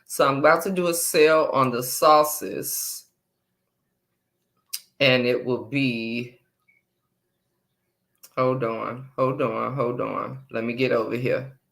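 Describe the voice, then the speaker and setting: A woman's voice: extremely low pitch, fairly even intonation, takes it slowly, gravelly, pauses often, a bit bright. A woman hosting a casual live stream, chatting with viewers and greeting them by name with repeated hellos.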